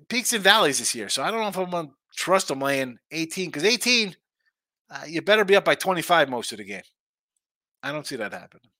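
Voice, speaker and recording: On a live sports betting stream, the male host talks in a fairly high, bright, forceful voice with no echo. He keeps things loose and chatty, bantering as he reads viewer comments.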